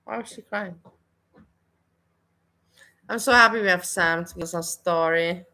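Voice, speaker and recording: Woman streamer mocking a video, sarcastic, sharp bright voice. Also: on the low side, measured pace. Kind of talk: live reaction commentary.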